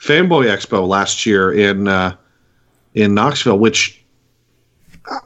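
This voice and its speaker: A man co-hosting a podcast, talking in a halting, casual way with frequent restarts. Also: on the low side, a bit bright. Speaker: podcast co-host.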